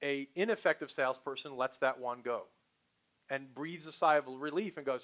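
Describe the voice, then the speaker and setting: A man's voice: mid-range voice, fairly quick. Man teaching a sales class. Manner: animated, acts out customer and salesperson lines. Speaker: sales trainer. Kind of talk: live sales training talk.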